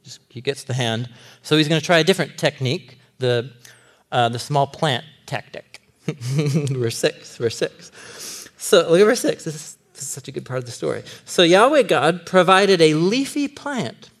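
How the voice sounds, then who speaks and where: A man in his thirties preaching a humorous, animated sermon, laughing often and talking straight to the congregation. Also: medium pitch, moderate pace.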